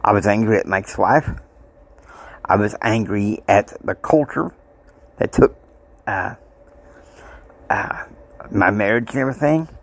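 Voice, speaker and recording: A man's voice: lowish voice, a little slow, pauses often. A man telling a personal story, emotional and acting out the voices of people he quotes.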